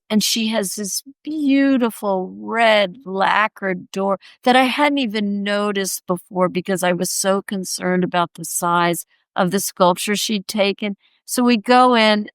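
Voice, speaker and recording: A woman sculptor, a podcast guest, telling an anecdote and acting out the quoted voices in a higher pitch. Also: clear, resonant tone, no echo. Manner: animated, acts out quoted voices in a raised pitch. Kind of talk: anecdotal storytelling in conversation.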